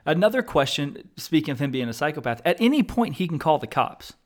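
A young adult man hosting a podcast in casual chat, laughing a lot, swearing freely, and getting loud when he is worked up. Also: on the high side, very animated, fairly quick. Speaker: podcast host.

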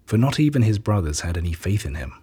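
A man giving a steady scripted scripture reading in a husky voice. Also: fairly low pitch, fast talker. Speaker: reader.

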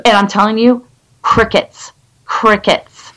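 A middle-aged woman, a guest in a conversation, telling stories in an animated, rambling way with many restarts. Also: mid-range voice, normal speed, poor audio. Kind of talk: conversational storytelling.

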